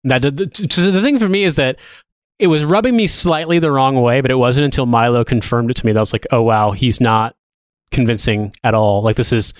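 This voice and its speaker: A man's voice: medium pitch, fast, no echo. A man co-hosting a podcast in casual chat, rambling with restarts and frequent swearing. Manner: rambling, profane, with filler-heavy restarts. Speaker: podcast co-host.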